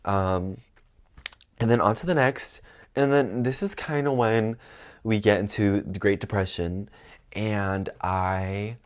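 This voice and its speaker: A young man vlogging in casual chat, rambling with lots of ums and likes, sounding stuffed up. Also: lowish voice. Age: young adult.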